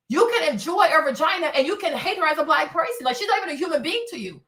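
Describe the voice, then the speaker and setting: A woman with a high, sharp voice rants through a live-stream commentary, swearing hard and pressing her audience for agreement again and again. She sounds set back from the mic in a roomy, echoing space. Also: lively intonation, quick pace, few pauses, recorded from a distance. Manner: profane, emphatic, keeps asking "right?".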